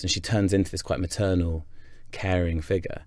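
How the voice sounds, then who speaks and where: A man's voice: deep voice, fast, mellow, dry recording. A man from North Yorkshire, an actor, talking through his thoughts in a casual interview, often restarting his sentences. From England, North Yorkshire. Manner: thoughtful, rambling with frequent restarts.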